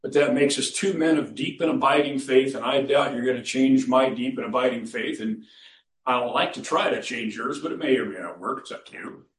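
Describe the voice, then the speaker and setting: A man's voice: mid-range voice, a little fast. A man preaching a sermon as pastor, folksy and storytelling, who chuckles at his own anecdotes. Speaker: pastor and counselor. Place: church sanctuary. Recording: roomy church recording from a distance.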